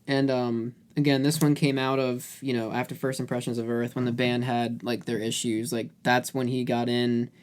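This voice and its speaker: A man's voice: mid-range voice, flat delivery, normal speed, hardly any pauses, slight background noise. A man co-hosting a music podcast, talking loosely in casual chat with many fillers and restarts. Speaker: podcast co-host.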